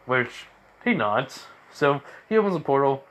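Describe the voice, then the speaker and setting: A man's voice: medium pitch, very animated, a little slow, a bit bright, a little hiss or hum. Male storyteller improvising fan fiction, rambling, full of fillers and self-corrections.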